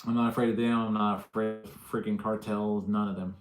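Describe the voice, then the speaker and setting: A man's voice: fairly low pitch, a little fast, reverberant. A man hosting a casual livestream, telling stories and acting out what people said. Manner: animated storyteller, acts out quotes. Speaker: livestream host.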